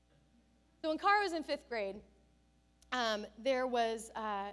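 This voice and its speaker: A middle-aged woman pastor, her voice a little high, smooth, and unhurried, gives a sermon full of animated stories. She acts out the quotes as she tells them.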